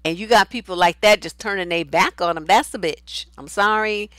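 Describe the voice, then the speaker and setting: A woman's voice: medium pitch, normal speed, a bit bright, no room sound. Blunt, outspoken woman coach. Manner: blunt, outspoken, swears freely. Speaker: relationship coach. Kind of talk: casual advice talk, reading viewer comments.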